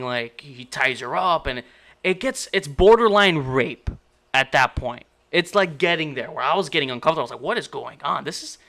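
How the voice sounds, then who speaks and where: A man's voice: a little high, pushed and bright. A man giving a casual, exasperated movie critique, rambling and incredulous with many restarts. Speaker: movie reviewer.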